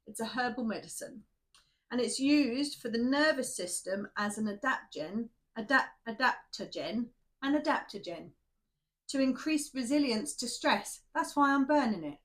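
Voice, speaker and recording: A woman's voice: on the high side, lively intonation, moderate pace, a bit bright. Tired, chatty woman. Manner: chatty, rambling, laughs at herself. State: tired and shaky after night shifts. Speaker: tarot reader. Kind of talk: casual chat to viewers before a reading.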